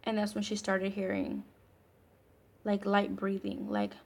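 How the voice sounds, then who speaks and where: A woman's voice: medium pitch, very animated, unhurried, vocal fry. A young woman vlogger telling a scary story in a chatty, casual way, full of fillers and the odd swear word.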